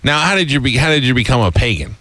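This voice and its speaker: A man's voice: mid-range voice, sing-song, quick pace, bright, forceful tone, no room sound. A man hosting a casual radio chat, joking and rambling. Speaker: radio host.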